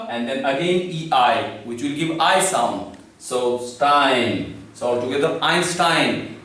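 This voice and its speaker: A man teaching a language lesson, speaking slowly and deliberately, spelling out letters and repeating words for his students. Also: mid-range voice, a bit bright. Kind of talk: classroom-style lesson. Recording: echoey room, from far off the mic.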